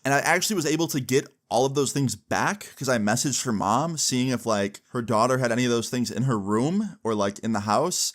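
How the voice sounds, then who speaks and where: A man's voice: medium pitch, expressive, a little fast, hardly any pauses, fairly bright tone. Young man telling a casual story. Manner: chatty, heavy with "like" and "you know" fillers.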